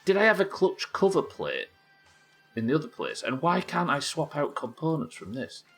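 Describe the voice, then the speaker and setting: A man's voice: on the high side, huge pitch swings, normal speed, creaky, husky, soft background music. A man from England with a Yorkshire accent, chatting casually while streaming a game, rambling, thinking aloud and swearing freely. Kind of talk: casual live-stream chat while gaming.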